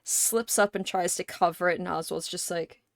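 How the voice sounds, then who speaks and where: A woman's voice: on the low side, fairly even intonation, normal speed, gravelly, dry recording, studio quality. A woman live streamer in casual chat, thinking aloud at length and swearing offhandedly.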